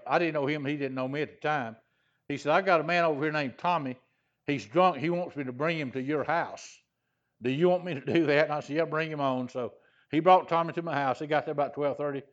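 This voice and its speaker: Older man, Louisiana-raised preacher, sermon, folksy rambling storyteller, mid pitch, muffled recording. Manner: folksy, repetitive "he said" storytelling with frequent "uh" fillers. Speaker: pastor.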